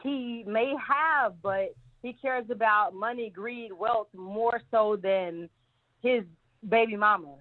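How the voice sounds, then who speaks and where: A woman's voice: fairly high pitch, slow pace. Rambling woman caller on a tinny phone line. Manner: rambling, opinionated. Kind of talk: call-in opinion.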